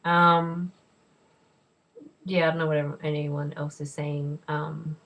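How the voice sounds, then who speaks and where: Bright-voiced giggly woman host. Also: low-pitched, flat delivery. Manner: giggly, chatty, quick to laugh. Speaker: podcast host. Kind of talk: casual chat.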